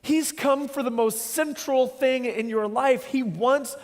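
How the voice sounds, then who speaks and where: A middle-aged man preaching a sermon, earnest and emphatic, slowing down to stress key words. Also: very high voice. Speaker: pastor. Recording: long hall reverb.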